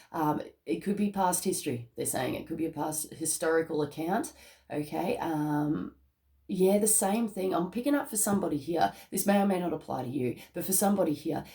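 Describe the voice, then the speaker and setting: A woman talks through a tarot reading in a loose, chatty way, with lots of fillers and frequent laughs. Her voice sits a little low and has a gravelly, fry-laden edge. She is casual and emotional. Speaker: tarot card reader. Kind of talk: casual spiritual reading to camera.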